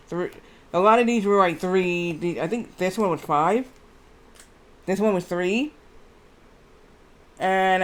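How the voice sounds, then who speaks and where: A man streaming live, chatting casually and reading aloud haltingly with lots of fillers. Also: high-pitched, smooth. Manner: rambling, reads aloud haltingly with many fillers.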